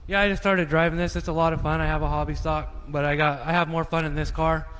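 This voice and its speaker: Quick, flat-toned driver man. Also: a little high, low-quality recording. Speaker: race car driver on safety crew. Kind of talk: post-race interview.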